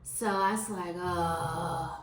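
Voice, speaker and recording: A woman, telling stories to her viewers in a chatty, expressive way. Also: lowish voice, slow pace, roomy sound. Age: 50s. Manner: chatty and expressive, quotes people in lively voices. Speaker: vlogger. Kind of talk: casual storytelling to viewers.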